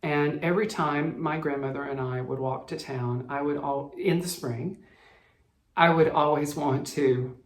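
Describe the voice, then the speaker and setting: A middle-aged man from the southern United States telling a personal story to camera, emotional and halting, often choked up and restarting his sentences. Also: on the high side, fairly even intonation. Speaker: cross-stitch vlogger. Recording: echoey room, faint music behind.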